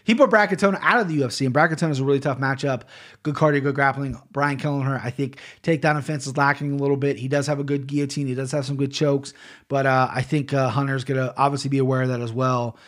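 A man's voice: medium pitch, steady tone, quick pace, a bit bright. A man from Ohio hosting a betting podcast, talking casually, rambling, swearing and often correcting himself. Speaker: podcast host picking fight bets.

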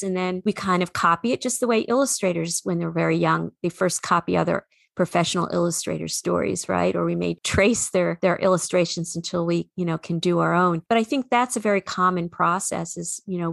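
A woman's voice: on the low side, vocal fry, a bit bright, no room sound, clean studio sound. A woman with a New England accent, a children's author speaking earnestly and reflectively in an interview. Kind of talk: interview conversation.

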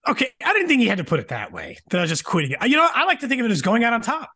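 A man's voice: very high-pitched, racing, husky. A man in his thirties, a departing podcast co-host, chatting casually and laughing at himself. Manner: laughing, self-deprecating, lively. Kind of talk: casual banter.

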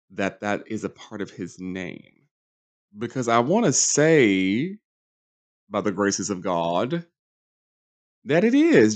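A young adult man hosting a reality TV recap, talking in a sassy, campy, animated way with big swings in pitch. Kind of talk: casual recap monologue.

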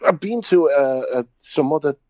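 A man's voice: on the high side, lively intonation, normal speed, darkish tone, no echo, dull audio. A man with a Liverpool Scouse accent telling anecdotes in casual chat, blunt and chuckling as he talks. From Liverpool, England. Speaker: podcast co-host.

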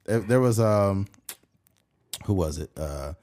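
A man's voice: on the low side, animated, takes it slowly, warm tone. A man hosting a podcast, chatting casually in a profane, storytelling way. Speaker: podcast host. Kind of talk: casual chat.

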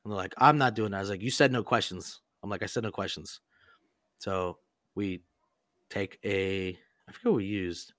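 A man's voice: sits low, fairly even intonation, normal speed, pauses often, dry recording, clean studio sound. A man casually telling a crude prank story on a podcast, rambling and profane, full of "like" and acted-out quotes.

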